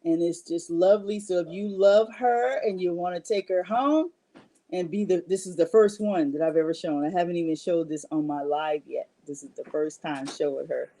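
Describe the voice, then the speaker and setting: Middle-aged woman artist, warm low voice, chatty and rambling livestream seller. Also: normal speed. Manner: chatty and rambling, with frequent restarts. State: out of breath. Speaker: artist selling her work on a livestream. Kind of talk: casual livestream sales talk.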